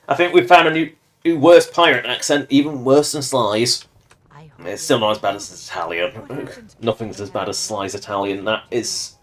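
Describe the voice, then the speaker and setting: A man's voice: mid-range voice, moderate pace, a bit bright. A man giving casual, self-mocking commentary while livestreaming a video game, rambling through joking asides. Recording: voice over game audio and music.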